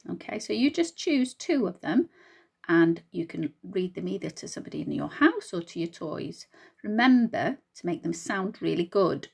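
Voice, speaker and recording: Gravelly-voiced woman teaching young children. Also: fairly low pitch, big pitch swings. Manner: slow, clear and encouraging, asks children questions. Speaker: primary school teacher. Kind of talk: recorded reading lesson for children.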